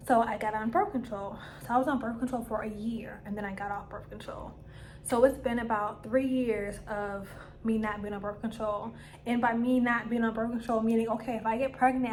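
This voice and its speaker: A young woman vlogger, telling a personal story to camera in a casual, animated way and acting out her own quoted lines. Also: fairly high pitch, brisk, slight background noise.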